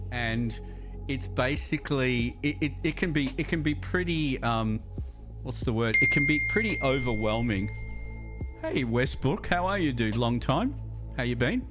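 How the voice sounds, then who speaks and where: A man's voice: mid-range voice, fairly bright tone. An Australian man chatting casually on a game livestream, rambling and repeating words as he thinks aloud, reading viewer chat as he plays. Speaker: streamer.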